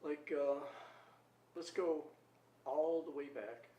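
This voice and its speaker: A man interviewing a guest in a relaxed, joking, conversational way. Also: fairly high pitch, takes it slowly. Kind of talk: casual interview chat. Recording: roomy room, distant mic.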